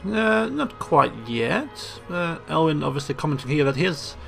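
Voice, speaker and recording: A man talks his way through a video game in a chatty commentary full of joking asides. His voice is on the higher side with a gravelly edge, and faint game music runs underneath. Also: very animated, moderate pace, fairly bright tone. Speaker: let's play host. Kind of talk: casual gameplay commentary.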